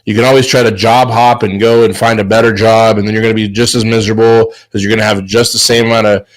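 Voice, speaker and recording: A man with a lowish, fairly flat voice speaks fast as host of a chef business show. Over a video call he gives a preachy, emphatic motivational speech full of repeated words. The audio is poor.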